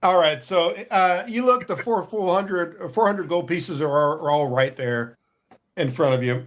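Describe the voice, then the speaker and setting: A man's voice: on the high side, measured pace. A man narrating as game master for a tabletop role-playing game, loose and chatty with many restarts.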